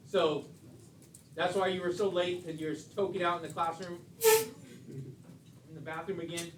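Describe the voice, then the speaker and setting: High-voiced joking male teacher. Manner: teasing, joking banter with students. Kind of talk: classroom lecture. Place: classroom. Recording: echoey classroom, distant mic, faint room noise.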